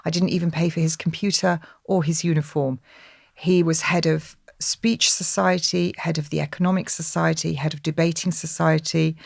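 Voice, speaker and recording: A woman's voice: deep voice, fairly even intonation, normal speed, creaky, dry recording, studio quality. A middle-aged woman speaking emphatically as an interview guest, repeating herself with frequent ums and restarts. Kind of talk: conversational interview.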